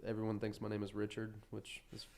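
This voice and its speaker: A man's voice: fairly low pitch, fast, creaky. A young man, a suit shop owner, chatting casually as a guest in an interview, rambling with lots of fillers. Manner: rambling, filler-heavy, relaxed.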